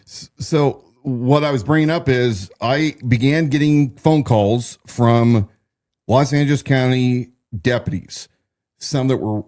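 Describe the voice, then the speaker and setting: In a loose, conversational style full of restarts and repetition, a man shares political commentary as a podcast co-host. His voice sits in the mid-range and sounds a little mellow.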